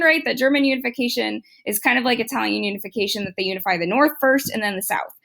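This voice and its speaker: A young adult woman teaching a casual history lecture, chatty and acting out historical figures in quick quoted asides. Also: on the high side, sharp tone.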